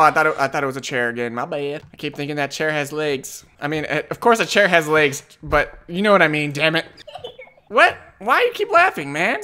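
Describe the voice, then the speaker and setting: A man's voice: high voice, pushed and bright. A man commentating a horror game, jumpy and jokey, swearing often as he panics. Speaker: gamer.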